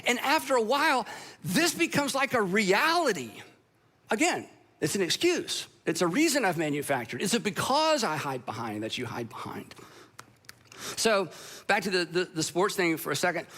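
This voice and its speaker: A man preaches in a high, bright voice, turning the sermon into relaxed, conversational storytelling. He pokes fun at himself as he goes. His tone stays light and easygoing. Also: normal speed. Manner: conversational storytelling with self-deprecating humor. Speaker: pastor. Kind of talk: sermon to a live audience.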